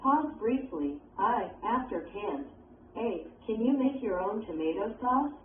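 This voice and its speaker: A woman reading an English textbook lesson aloud in a measured, instructional way. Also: fairly high pitch, lively intonation. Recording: tinny phone-like sound, distant, roomy, faint hiss.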